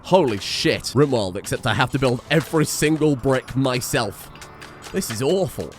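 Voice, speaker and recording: Animated man cursing through gameplay. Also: mid-range voice, normal speed, faint music behind. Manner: animated, exasperated, swears often, talks to game characters. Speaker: gaming video creator. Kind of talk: let's-play game commentary.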